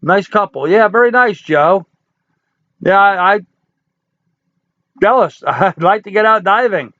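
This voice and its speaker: A man in his sixties chats through a livestream in a folksy, joking way, answering viewers as he goes. His voice sits a little high for a man. The sound is dry and close, with a slightly dull, lo-fi quality. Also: expressive, a little slow, no room sound. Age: 60s. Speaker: livestream host. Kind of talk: casual live chat reading viewer comments.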